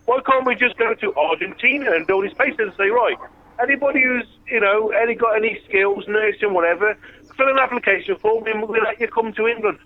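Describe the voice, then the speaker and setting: A man's voice: sits high, fairly quick. A man calling in to chat, blunt and sweary, firing questions at the host. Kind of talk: casual chat. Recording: tinny phone line.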